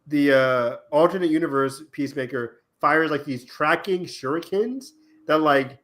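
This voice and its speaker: A man co-hosting a podcast, excitedly retelling TV episode scenes in casual chat. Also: on the high side, measured pace. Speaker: podcast co-host.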